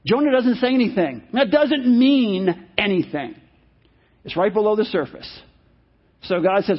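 A man's voice: high voice, lively intonation, moderate pace, slightly rough. A male pastor preaching a sermon, emphatic and repeating his key phrases. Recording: dull lo-fi sermon recording.

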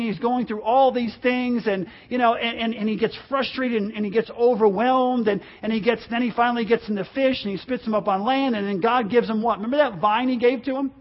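A pastor delivering an impassioned sermon, repeating words and acting out the complaints he quotes, heard on a dull lo-fi recording. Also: very high voice.

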